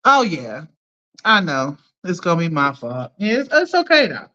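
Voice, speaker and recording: A woman's voice: on the low side, moderate pace. Laughing, slangy woman on a lo-fi live stream. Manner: animated, laughs often, slangy and blunt. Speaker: live streamer chatting with viewers. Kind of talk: casual live-stream chat. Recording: dull lo-fi sound.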